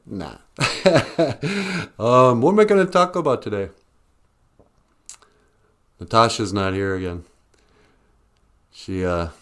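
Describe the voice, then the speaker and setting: Rambling man, lively voice, slow pace. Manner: meandering, chuckling often, jumps into high mocking voices for quoted people. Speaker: podcast host. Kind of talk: rambling solo monologue.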